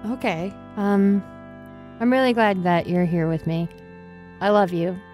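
A woman's voice: medium pitch, unhurried, faint music behind, close to an everyday voice. A woman improvising a sulky young bride who turns apologetic, in a comedy role-play. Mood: glum. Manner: sullen, flat, then apologetic.

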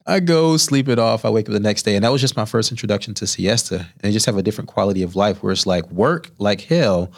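A young man, a chef, tells stories in a podcast studio in a lowish voice, with plenty of animation and a habit of acting out the people he quotes. His studio microphone keeps the sound close and clear. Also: very fast, few pauses. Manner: animated storyteller who acts out quoted voices. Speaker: chef guest. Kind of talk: storytelling in a podcast interview.

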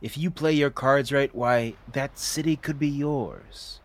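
A man voicing a smooth-talking talent agent with fast salesman patter. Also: mid-range voice, lightly acted. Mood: persuasive.

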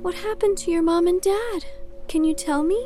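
A woman voicing a caring young wife in a horror story, speaking softly in a coaxing, motherly way. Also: very high-pitched, normal speed, music in the background. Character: gentle, caring young wife on a remote island. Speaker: voice actor. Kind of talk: dramatic horror story reading.

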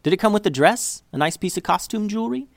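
A man's voice: high-pitched, animated, fast talker, vocal fry, no echo, pitched above the performer's own voice. A man voicing a kind, motherly woman who is hosting a party, speaking in a soothing, caring way.

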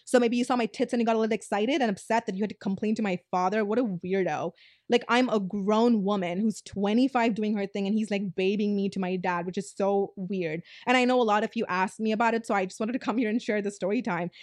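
A woman's voice: medium pitch, steady tone, quick pace, darkish tone, no room sound, studio quality. A woman in her twenties hosting a podcast, telling a story in a blunt, casual way, swearing freely and saying "like" a lot. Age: 20s. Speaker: podcast host.

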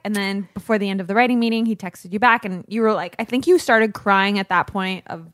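A woman co-hosting a podcast in casual chat, telling stories in an animated way with lots of "like" fillers. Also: medium pitch, a little fast, few pauses, no room sound, clean studio sound. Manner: animated storyteller who acts out quotes, heavy "like" fillers. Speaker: podcast co-host.

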